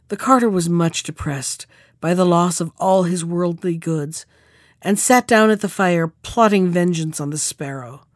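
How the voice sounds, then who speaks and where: A woman hosting a podcast, reading a fairy tale aloud in a measured, clear way. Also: medium pitch, a little mellow, no echo, clean studio sound. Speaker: podcast storyteller.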